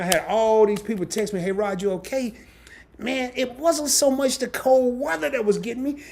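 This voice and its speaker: A man hosting a casual livestream, telling a story in an animated, slangy way and laughing often. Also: high-pitched. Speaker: travel and credit card channel host. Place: home during a power outage.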